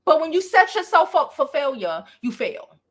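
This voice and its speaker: A woman's voice: high voice, big pitch swings, normal speed. Emphatic woman ranting on her channel. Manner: emphatic, profane, exasperated ranting. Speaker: commentary vlogger. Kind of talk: reactive commentary.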